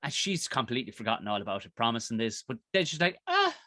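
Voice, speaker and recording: An Irish man, a comedian guesting on a podcast, telling a rambling comic story in a casual, animated way and swearing freely. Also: medium pitch, rapid-fire, no echo, studio quality. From Ireland.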